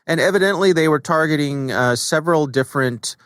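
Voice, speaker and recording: Relaxed middle-aged male podcast host. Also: fairly high pitch, brisk, clear, resonant tone, dry recording, clean studio sound. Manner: relaxed, thinking aloud with fillers. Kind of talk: casual chat.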